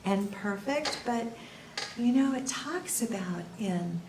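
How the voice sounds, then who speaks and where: An older woman speaking at a faith workshop, telling a story in a lively, storytelling way and laughing at her own punchlines, recorded from a distance in an echoey room. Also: mid-range voice, slow. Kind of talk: faith testimony to a small group. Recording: echoey room from a distance, faint background noise.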